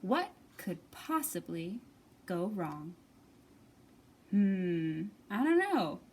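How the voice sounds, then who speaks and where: A woman reading a picture book aloud to young children, her voice rising and falling with every line. She takes her time and sits a touch high. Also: extremely slow, slight background noise. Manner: expressive, animated read-aloud. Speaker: children's librarian.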